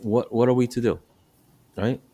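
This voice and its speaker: A middle-aged man, a bus operator hosting a casual podcast, telling stories in a lively way with frequent restarts and repeated words. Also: mid-range voice, normal speed. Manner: animated storytelling with frequent restarts.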